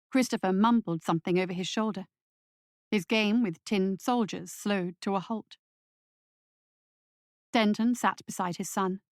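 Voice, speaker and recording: Woman narrator, story reading, measured, mid pitch, dry close sound. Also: no room sound. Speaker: audiobook narrator.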